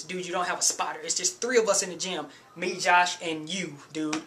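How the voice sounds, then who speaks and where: A fitness vlogger with a high, brisk, sharp-toned voice and fairly even intonation tells a gym story to the camera, warning beginners to use a spotter. He's loose and chatty, constantly dropping "you know" and "man." There's slight background noise.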